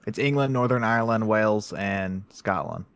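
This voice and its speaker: A man co-hosting a podcast in casual chat, often halting and hesitating with fillers. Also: on the low side, clean tone, no echo, studio quality. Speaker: podcast co-host.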